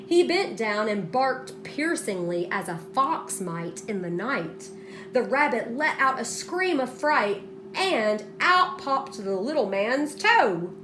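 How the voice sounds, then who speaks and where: A woman teacher reading a storybook aloud to students in an expressive way, stopping to ask them questions. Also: a little high, background noise. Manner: slow, expressive, pauses to prompt students.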